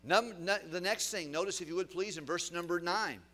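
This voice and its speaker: A male pastor preaching a sermon, swinging between loud emphatic bursts and quiet drops, asking the congregation questions as he goes. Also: high-pitched, normal speed.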